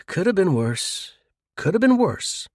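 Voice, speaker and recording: A man voicing a calm, cheerful middle-aged man who is always optimistic. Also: sits high, a little slow, dry recording, studio quality, pitched above the performer's own voice, full character voice. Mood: serene.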